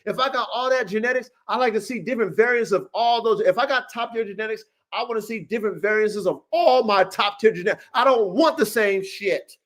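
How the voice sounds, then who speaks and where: A man's voice: sits high, quick pace, few pauses, a bit bright. A man hosting a livestream podcast, talking in a profane, boastful, emphatic way and calling out listeners by name. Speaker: podcast host and dog breeder. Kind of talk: casual livestream podcast rant.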